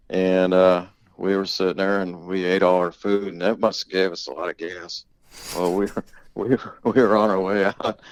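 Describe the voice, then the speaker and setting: Laughing frequently and swearing as he pleases, an older man, the host's father, tells wandering stories in a relaxed conversation. He has a deep voice, and the recording is of low quality.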